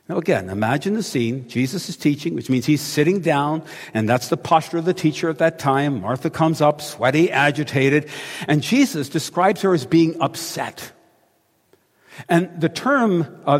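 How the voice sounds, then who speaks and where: A man's voice: fairly high pitch, husky. A man preaching a sermon in a conversational, storytelling manner. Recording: long hall reverb.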